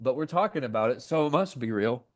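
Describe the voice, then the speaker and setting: A man's voice: medium pitch, fast talker, no echo. A man, an actor, telling behind-the-scenes stories in a casual podcast interview and acting out the dialogue as he goes. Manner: animated storyteller who acts out quoted dialogue. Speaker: actor guest.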